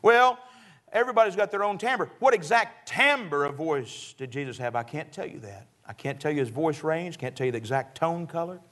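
A man's voice: on the high side, lively intonation, normal speed, a bit bright. A man preaching a sermon in a church service, folksy and joking, often chuckling as he talks.

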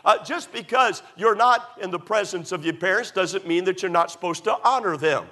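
A man's voice: high-pitched, normal speed, few pauses, bright, forceful tone. A middle-aged man, a pastor, preaching a sermon emphatically, repeating points and using many fillers.

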